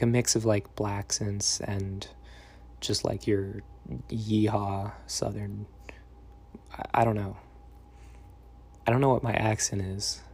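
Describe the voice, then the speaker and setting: A young man talks straight to his viewers in a loose, wandering monologue that drifts from one thought to the next. His voice sits low and stays fairly monotone. It is full of fillers and trailing asides. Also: slight background noise. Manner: rambling, meandering, many fillers and trailing thoughts. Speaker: vlogger. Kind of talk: casual rambling monologue.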